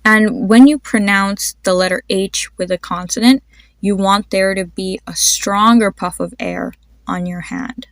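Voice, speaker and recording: Her medium-pitched voice stays steady as she guides listeners through pronunciation on her podcast, demonstrating each sound slowly and inviting them to repeat. She's young, patient, and encouraging, and the recording is dry and studio-clean.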